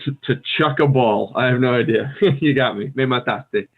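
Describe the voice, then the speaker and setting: A man's voice: mid-range voice, normal speed. Man on a tinny phone-like line. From United States. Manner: thinks aloud, laughs easily. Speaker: podcast co-host. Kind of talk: casual bilingual chat.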